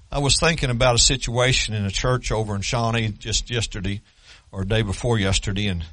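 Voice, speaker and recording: A man preaching a sermon as pastor, swinging from loud emphatic preaching to low quiet asides. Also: no room sound, poor audio.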